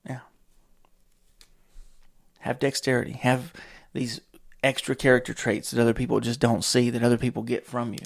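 Gravelly-voiced man rambling on a podcast. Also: medium pitch, flat delivery, moderate pace, long pauses. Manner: rambling, tangent-hopping, profane, chuckling often. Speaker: podcast host. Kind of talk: casual solo monologue.

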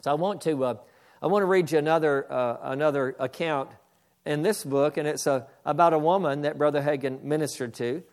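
A male pastor with a fairly high, a little mellow voice preaches at a fairly quick clip. He reads a story aloud and emphatically calls on his congregation to pay attention.

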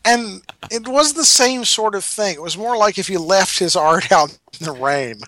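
A man rants sarcastically through casual podcast chat, his voice forceful and bright. His pitch sits a little high for a man. The sound is dry and close, with no room around it. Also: moderate pace, no echo, low-quality recording. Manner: animated, sarcastic ranting. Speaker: podcast co-host.

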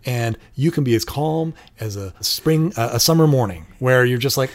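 A man's voice: mid-range voice, lively intonation, normal speed, few pauses. A middle-aged man co-hosting a casual parenting chat, earnest and acting out short example lines. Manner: earnest, acts out little quoted lines. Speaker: parenting show co-host.

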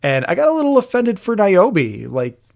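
A man's voice: high-pitched, huge pitch swings, moderate pace, vocal fry. Man casually critiquing a film. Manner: critical, picks apart dialogue. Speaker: podcast co-host. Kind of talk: casual film review chat.

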